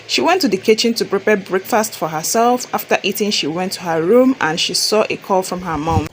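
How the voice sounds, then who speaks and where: A woman with a Nigerian accent narrating a love story in a plain, steady way. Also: mid-range voice, brisk, hardly any pauses, a little hiss or hum, poor audio.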